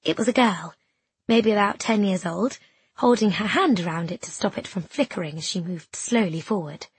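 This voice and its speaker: A woman reads a story aloud in a gentle, measured way, like an audiobook. Her voice is husky and breathy, and the sound is dry and close. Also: medium pitch, lively intonation, dry recording. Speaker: narrator. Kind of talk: scripted audiobook narration.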